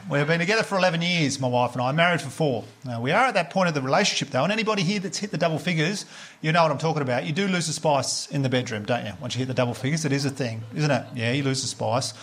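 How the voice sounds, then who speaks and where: A man with an Australian accent doing a crude stand-up comedy set with deadpan storytelling and crowd work before a live audience. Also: fairly high pitch, fast.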